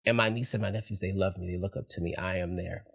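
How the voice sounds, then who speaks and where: Deep-voiced man, reflective and heartfelt. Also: steady tone, fast talker, gravelly. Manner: reflective, heartfelt, soft-spoken at times. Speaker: guest. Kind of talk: candid podcast conversation.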